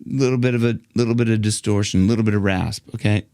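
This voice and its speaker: An American man from Ohio teaching singing, joking around and singing phrases in a high belt to demonstrate. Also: fairly even intonation, fast, very noisy. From Ohio, United States. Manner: playful, jokey, demonstrates lines in a high belt. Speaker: vocal coach. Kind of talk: singing tutorial.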